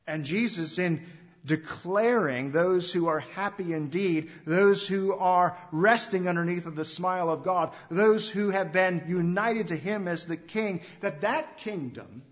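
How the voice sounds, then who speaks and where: Pastor guy preaching, kinda high voice, goes loud then drops real quiet, repeats stuff, asks the crowd questions, muffled lo-fi sound. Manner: emphatic preaching that swings between loud stresses and hushed, drawn-out endings; repeats phrases and asks the listeners direct questions. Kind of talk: sermon. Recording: dull lo-fi recording.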